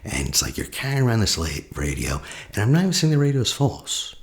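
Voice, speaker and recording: A man, a therapist, talking a listener through a guided meditation in a slow, soft voice that often drops to a near whisper. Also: on the low side, huge pitch swings, gravelly. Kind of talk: guided meditation with teaching asides.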